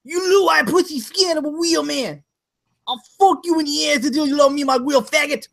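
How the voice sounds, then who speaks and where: A furious boxer barks a crude infomercial for a grill, as a man puts him on. The voice sits high and strained. It keeps swinging up into shouts and menace. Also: brisk, creaky, exaggerated voice. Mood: menacing. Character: raging boxer pitching a grill, adult man.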